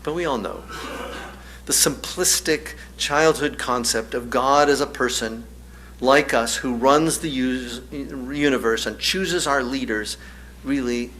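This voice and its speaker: A man's voice: mid-range voice, fairly bright tone, a little hiss or hum. A male minister delivering a sermon in a wry, storytelling manner, laughing often.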